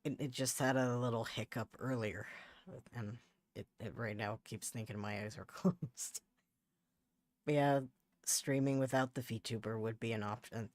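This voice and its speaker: A man's voice: medium pitch, steady tone, measured pace, no echo. A man streaming live, chatting casually while he works, often muttering to himself and restarting his sentences in exasperation. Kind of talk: casual livestream chat while working. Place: home setup.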